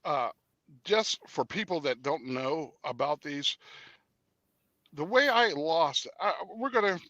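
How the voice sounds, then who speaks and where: A man's voice: fairly high pitch, slow pace, no room sound, lo-fi sound. A man as an interview guest in casual conversation, telling stories animatedly, acting out dialogue and hesitating with fillers. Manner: animated storyteller, acts out dialogue.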